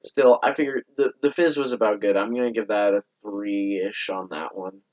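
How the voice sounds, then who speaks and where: A young man co-hosting a soda review with his father, hoarse from a cold, agreeable and quick to chime in. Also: fairly low pitch, steady tone, a little mellow. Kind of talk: casual chat. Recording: dull lo-fi sound.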